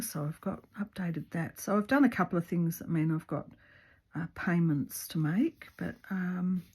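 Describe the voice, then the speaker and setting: A chatty woman, talking casually while she sews at home. Her voice sits a little low and has a husky edge, and she rambles along with plenty of ums and restarts. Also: warm tone. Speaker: craft video maker. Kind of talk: casual chat while stitching.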